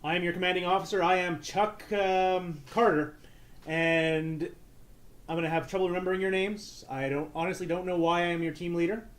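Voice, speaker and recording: A man's voice: sits high, fairly even intonation, a little fast, lightly acted. A man playing an awkward, unsure team leader. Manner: rambling, self-doubting.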